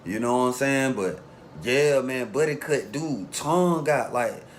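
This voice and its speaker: A man casually telling a long story in a relaxed street way, acting out the voices of the people in it. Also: medium pitch, measured pace, slight background noise. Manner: laid-back street storytelling, acts out quotes.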